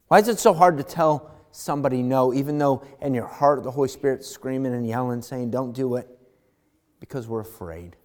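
A middle-aged male pastor preaching a sermon, swinging from loud emphatic lines to hushed ones. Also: medium pitch, a little fast.

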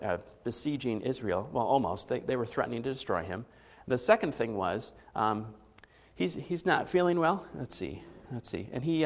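A man preaching a sermon in a conversational way, retelling scripture with acted-out dialogue and frequent restarts. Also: mid-range voice. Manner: conversational, acts out quoted dialogue, restarts often. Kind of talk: casual sermon.

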